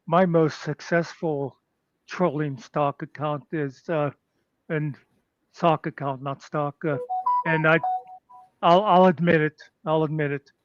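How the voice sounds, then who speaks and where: A man's voice: a little high, steady tone, slow pace, no room sound. A man co-hosting a casual chat, rambling with fillers and chuckling often. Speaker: podcast co-host. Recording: slightly muffled dry audio.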